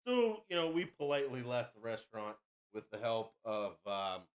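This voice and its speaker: Male podcast host, boastful and crude, lively pitch swings. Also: normal speed. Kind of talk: casual storytelling.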